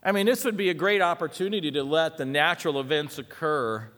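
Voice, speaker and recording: A man preaching a sermon, reading scripture aloud with asides and swinging dramatically between loud and hushed. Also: a little high, fairly quick, few pauses. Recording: long hall reverb.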